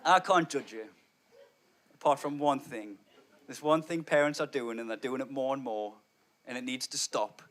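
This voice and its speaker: A man, doing brash, sweary stand-up on stage through a microphone, dropping to low mutters and rising to loud bursts. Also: moderate pace. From North East England. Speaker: stand-up comedian. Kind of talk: stand-up comedy. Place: theatre stage before a live audience.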